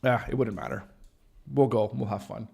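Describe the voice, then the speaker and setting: A man talking loosely to his livestream audience, his voice carrying a gravelly, fried edge at a middling pitch. He wanders from thought to thought, trailing off and restarting with lots of "uh"s, and jokes at his own expense. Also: moderate pace, darkish tone. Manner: rambling, full of fillers and restarts; joking, self-deprecating. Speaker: livestream host. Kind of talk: casual livestream chat with viewers.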